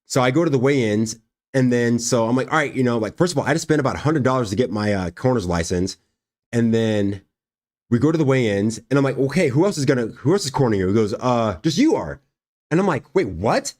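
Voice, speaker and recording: A young man hosting a livestream, casually telling a story and acting out the dialogue with frequent laughs. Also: medium pitch. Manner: animated, acts out quoted dialogue, laughs often. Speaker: livestream host and fighter.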